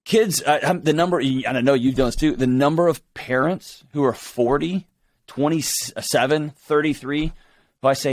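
A man speaking as a guest in an interview, emphatic and animated, acting out quoted voices as he talks. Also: mid-range voice, moderate pace, no echo, clean studio sound. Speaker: guest author. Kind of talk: conversational interview.

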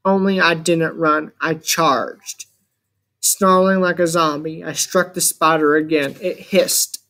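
A man reading a first-person adventure story aloud as an audiobook narrator, with measured, dramatic storytelling. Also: on the high side, fairly even intonation, pushed and bright.

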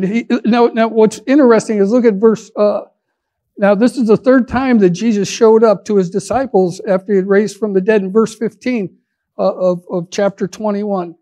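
A male pastor preaching a sermon in an earnest way, often repeating words and restarting, and slowing down to stretch out key phrases. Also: high voice, mellow.

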